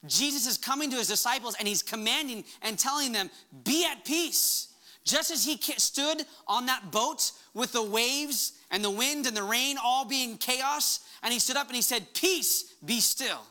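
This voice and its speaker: A man's voice: very high-pitched, normal speed, few pauses, pushed and bright. A pastor preaching a sermon to his congregation, impassioned, raising his voice when he quotes commands. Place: church hall before a congregation.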